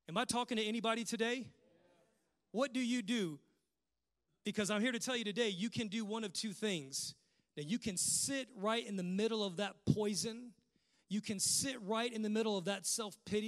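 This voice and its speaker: A male pastor delivers a sermon in a notably high voice. He builds his points through rhythmic, repeated phrases that carry impassioned force.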